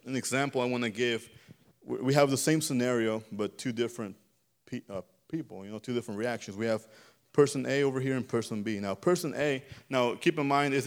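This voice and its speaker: A man delivering a sermon, talking to his listeners like an ordinary conversation. His pitch sits in the middle. He restarts his sentences often, and he rises in volume whenever he wants a line to land. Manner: conversational, repeats words and restarts, swells louder on key phrases. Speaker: preacher.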